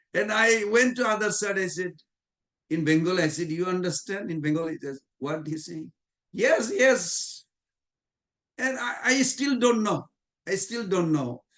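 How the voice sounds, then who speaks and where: A man's voice: high voice, lively intonation, moderate pace, fairly bright tone. A man giving a devotional class, telling anecdotes in informal, non-native English and chuckling often. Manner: storytelling with frequent chuckles.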